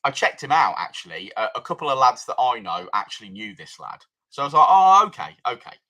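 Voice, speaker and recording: A man's voice: mid-range voice, animated, quick pace, pushed and bright. A middle-aged man, running a tuning shop, telling a story in a casual way and acting out both sides of the conversations.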